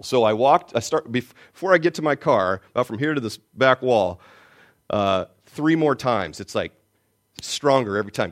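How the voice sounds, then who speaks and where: A man preaching a sermon, telling a personal story and swinging between loud lines and hushed ones. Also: mid-range voice, expressive, fairly quick. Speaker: pastor.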